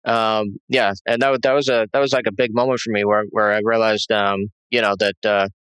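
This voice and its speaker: Man telling a halting story, dry sound. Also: on the low side, level tone, a bit bright, smooth, dry recording, poor audio. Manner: halting, many fillers and restarts. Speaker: interview guest. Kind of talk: rambling personal testimony.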